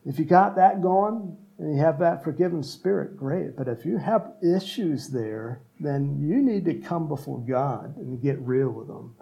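A man's voice: on the high side, expressive, a little slow, creaky, few pauses, warm tone, highs cut off. A man preaching a sermon in a conversational style, mixing jokes and asides with earnest appeals. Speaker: pastor.

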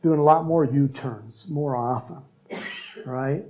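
A man's voice: medium pitch, slow pace, highs cut off. A man preaching a sermon in a conversational style, mixing jokes and asides with earnest appeals. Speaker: pastor.

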